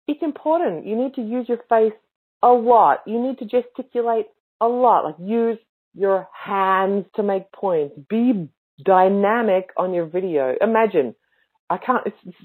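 Woman host, casual coaching talk, emphatic and expressive, narrow phone-like sound. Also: mid-range voice. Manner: emphatic, animated, with expressive inflections. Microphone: livestream mic.

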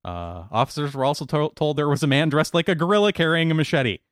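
Lively man reading odd news. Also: fairly high pitch, fast, no echo, clean studio sound. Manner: reads news items, laughs often. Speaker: podcast co-host reading news stories. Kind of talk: casual comedic chat.

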